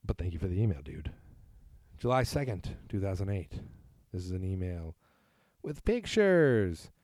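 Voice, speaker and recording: A man's voice: low voice, big pitch swings, moderate pace, a little mellow, dry recording, clean studio sound. A man from New England hosting a casual solo podcast, reading listener emails aloud and rambling with self-deprecating asides. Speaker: podcast host.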